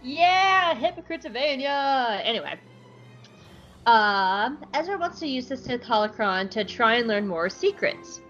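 A woman's voice: fairly high pitch, lively intonation, a little slow, a bit bright, faint music behind. A young woman hosting a podcast, recapping an episode in a chatty, irreverent way and swearing casually. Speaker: podcast host. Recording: slightly muffled lo-fi recording.

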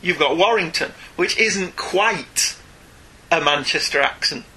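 A man's voice: a little high, lively intonation, unhurried, pushed and bright, rough recording. A man with a Northern English accent, co-hosting a podcast in casual, wry chat. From Northern England. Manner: chatty, wry, self-mocking. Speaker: podcast co-host.

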